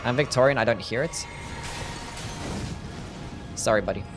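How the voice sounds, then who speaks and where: A man with a mild Australian accent streaming a game and chatting casually with viewers in a relaxed, jokey way. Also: mid-range voice, normal speed, music in the background. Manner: relaxed, jokey, reads and answers chat. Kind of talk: casual live-stream chat while gaming.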